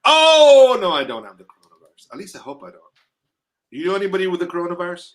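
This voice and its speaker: A man hosting a casual live stream, rambling through loose, profane shout-outs and sounding a little stuffy from allergies. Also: high-pitched, lively intonation, rapid-fire. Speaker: host.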